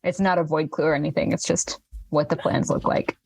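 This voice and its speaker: A woman's voice: sits low, level tone, vocal fry, darkish tone, husky, no room sound. Woman game master, dry close sound. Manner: halting, filler-heavy narration. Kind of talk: narrating a tabletop game.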